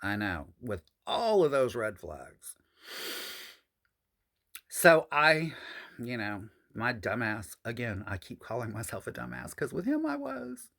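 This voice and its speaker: A man's voice: huge pitch swings, slow pace, vocal fry, a bit bright. A man telling a story from his own past in a casual, profane monologue, calling his viewers honey and y'all. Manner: jumps high in pitch for emphasis.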